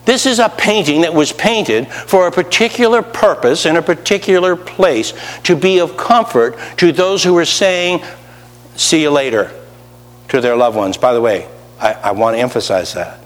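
A man preaching a sermon, animated, with rising emphasis and rhetorical questions. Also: fairly high pitch, in a large hall.

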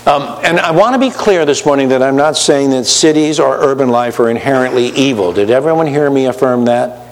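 A man's voice: medium pitch, brisk, long reverb tail. A man preaching a sermon to his congregation, chatty, with teasing asides to the pews. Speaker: pastor.

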